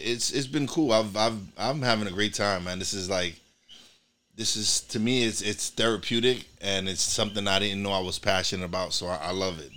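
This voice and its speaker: Man from New York, podcast host, bright tense voice, casual rambling chat, lots of restarts. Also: fairly low pitch. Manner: rambling, many restarts and repeated words.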